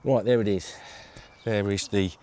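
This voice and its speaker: A man's voice: lowish voice, fairly even intonation, measured pace, darkish tone, a little hiss or hum. A man casually talking through setting up a fishing shelter outdoors in his garden, narrating each step while holding his camera one-handed. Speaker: angling vlogger demonstrating gear. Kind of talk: casual demo talk to camera. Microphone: handheld video camera.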